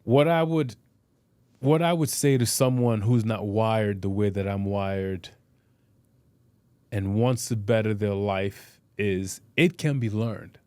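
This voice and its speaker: A man's voice: lowish voice, takes it slowly, darkish tone, clear, resonant tone, no echo. A middle-aged man, a guest on a podcast, telling boxing stories bluntly and profanely in casual interview talk, with lots of restarts and "you know". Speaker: podcast guest, boxer and fitness trainer.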